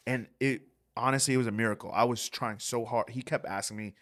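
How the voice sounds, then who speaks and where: A man's voice: mid-range voice, steady tone, quick pace, fairly bright tone. A young man hosting a podcast, telling rambling stories in casual chat and swearing a lot. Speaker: podcast host.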